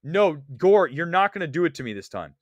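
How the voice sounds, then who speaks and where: A man hosting a movie livestream, blunt and teasing as he reads his chat. His pitch swings widely and sits a touch high. The sound is close and dry. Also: very animated, a little fast, no echo, highs cut off. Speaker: livestream host.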